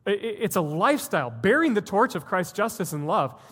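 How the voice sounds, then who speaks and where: A man preaches from the pulpit in a slightly high voice, retelling a story with earnest energy before driving home his point. The sound rings with the long reverb of a church hall. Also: very animated, fairly quick, a bit bright, breathy edge. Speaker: pastor. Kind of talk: sermon. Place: church sanctuary.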